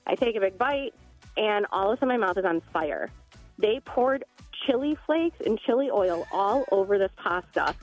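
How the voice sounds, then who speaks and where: A woman calling in to a radio show, telling a story in a chatty, animated way. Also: medium pitch, normal speed, faint music behind, poor audio. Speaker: caller.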